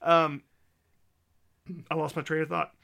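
A man's voice: fairly high pitch, little pitch movement, measured pace, vocal fry, sharp tone. A man in his thirties with a slight lisp, chatting enthusiastically as a podcast host and sometimes tripping over his words. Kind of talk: casual chat.

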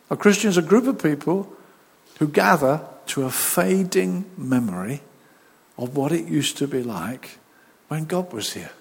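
A man preaching in a lively, animated way, with a fairly high voice. It has a husky edge and carries a long reverb, as if it were recorded in a large church hall. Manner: animated, acts out voices of disciples. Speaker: pastor. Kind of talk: sermon.

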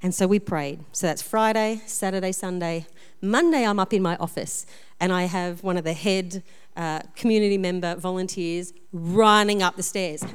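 A woman pastor preaching a sermon, telling personal stories in a lively, self-deprecating way. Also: lowish voice, normal speed, smooth. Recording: long reverb of a large hall.

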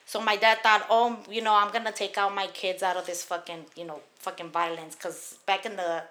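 A woman's voice: mid-range voice, little pitch movement, moderate pace, a bit bright. A woman in her thirties from Los Angeles, telling a heated, profane story on a casual podcast. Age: 30s. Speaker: podcast host.

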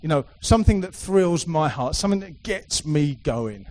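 A man's voice: a little high, animated, normal speed, darkish tone, low-quality recording. Emphatic preacher man. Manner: emphatic, repetitive, playful asides. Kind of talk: sermon. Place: church hall with a live congregation.

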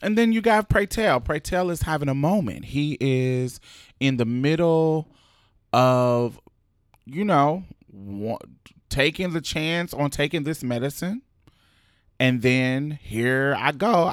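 A man casually recapping an episode he acted in, profane and animated, laughing often. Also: fairly high pitch, takes it slowly, clean tone, dry recording, studio quality. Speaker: actor recapping his own show.

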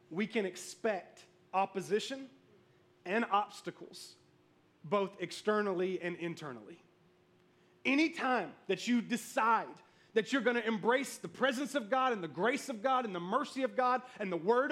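A man in his thirties preaching a sermon as pastor, telling stories and calling out to the congregation. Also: very high voice. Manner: storytelling, animated, calls out to the congregation.

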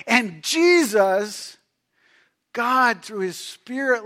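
Preaching slowly in a very high voice, this male pastor alternates between loud, emphatic lines and hushed near-whispers in his sermon.

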